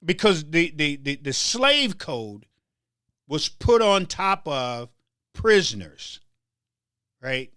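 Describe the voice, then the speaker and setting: A man's voice: fairly high pitch, very animated, takes it slowly, long pauses, sharp tone, clear, resonant tone, no room sound, clean studio sound. A man hosting a political talk show, delivering a heated commentary monologue with stammered restarts and a preacher-like rhythm. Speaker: show host.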